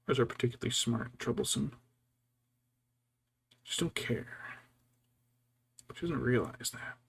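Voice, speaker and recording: A man, a VTuber, chatting casually and telling stories while painting miniatures, slipping into quiet whispers and quick mock voices. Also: mid-range voice. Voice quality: gravelly and husky. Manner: storytelling, doing brief mock voices for his wife and cats; often drops to a quiet whisper.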